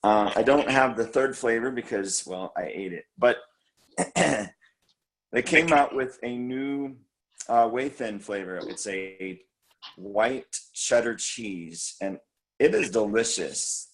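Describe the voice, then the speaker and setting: A man's voice: medium pitch, slow pace, poor audio. A man co-hosting a team call, giving an enthusiastic, rambling product recap full of fillers and restarts.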